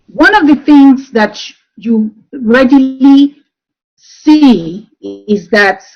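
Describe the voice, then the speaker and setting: A woman's voice: high-pitched, lively intonation, drawn-out words. Woman giving a lo-fi webinar talk. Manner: warm storytelling with frequent um fillers. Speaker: speaker. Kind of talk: webinar presentation. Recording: dull lo-fi online call audio.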